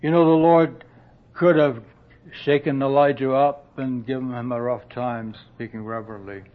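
A man preaching a sermon in a slow, earnest way, often dropping to a soft hush and clearing his throat. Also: medium pitch, fairly even intonation. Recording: dull lo-fi recording.

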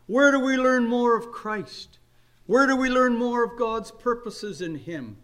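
An older man preaching a sermon, earnest and unhurried, his voice climbing on emphatic questions. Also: very high-pitched, a bit bright. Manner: earnest, slow exhortation with rising emphatic questions.

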